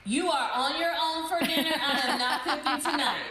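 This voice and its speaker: A woman's voice: high-pitched, normal speed, pushed and bright, echoey room. A woman playing a mock-formal announcer telling her household she is not cooking, in a sing-song voice. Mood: mock-official.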